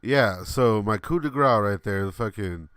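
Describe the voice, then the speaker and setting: A man's voice: fairly low pitch, a little slow, a bit bright, clean tone, no room sound, studio quality. A man in his thirties hosting a livestream, telling a rambling, laughing story with many fillers and some swearing. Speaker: livestream host.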